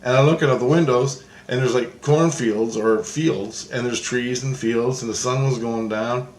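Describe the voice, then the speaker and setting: A man's voice: medium pitch, steady tone, normal speed. Man rambling through a vision, echoey room. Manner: meandering, restarts often, repeats phrases. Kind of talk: rambling first-person account of a spiritual vision.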